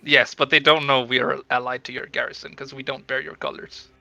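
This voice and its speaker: A man voicing a young adventurer who pleads earnestly and a little haltingly for help to rescue his captured siblings. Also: mid-range voice, flat delivery, vocal fry, bright, forceful tone, no echo, highs cut off. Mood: urgent, persuasive. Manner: earnest, persuasive, slightly halting.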